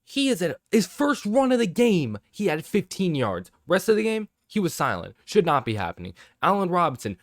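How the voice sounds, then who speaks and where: A man's voice: medium pitch, sing-song, fairly quick, dry recording, clean studio sound. Exasperated, swearing male sports fan ranting. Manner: exasperated, profane, rambling with restarts. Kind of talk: casual ranting monologue to camera.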